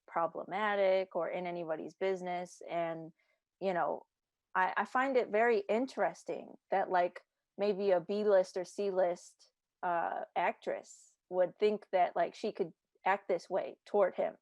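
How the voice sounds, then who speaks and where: A woman's voice: fairly low pitch, a little slow, highs cut off. Chatty young woman podcast guest. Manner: chatty, laughs often, many fillers. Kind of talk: casual chat.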